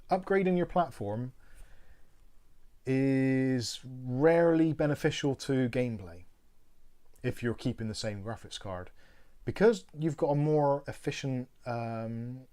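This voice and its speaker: A man's voice: medium pitch, darkish tone. A man with a British accent hosting a live tech support stream, chatting casually and thinking aloud with lots of ums. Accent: British English. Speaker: tech support livestream host.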